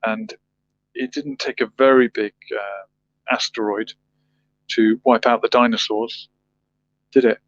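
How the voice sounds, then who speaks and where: A man's voice: mid-range voice, steady tone, slow pace, pauses often. A man hosting a livestream, chatting casually, reading viewer comments and musing aloud with rhetorical questions. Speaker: livestream host. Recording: dull lo-fi dry sound.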